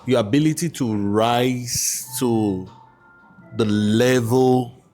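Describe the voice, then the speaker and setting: A man's voice: mid-range voice, slow, mellow, soft background music. A man in the audience answering hesitantly, groping for words. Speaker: audience member.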